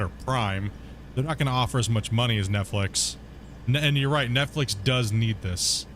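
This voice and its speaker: A man's voice: medium pitch, a little hiss or hum. Rambling, blunt man chatting casually. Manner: rambling, blunt, swears when annoyed. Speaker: gaming streamer. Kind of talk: casual chat.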